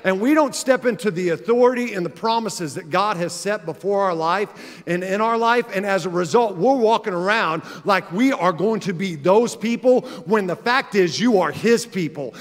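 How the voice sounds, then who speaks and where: A man's voice: high-pitched, normal speed, long reverb tail. A man in his thirties preaching, telling stories in a conversational way and building to emphatic exhortation. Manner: earnest, conversational storytelling that rises to emphatic exhortation. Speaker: pastor. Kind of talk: sermon.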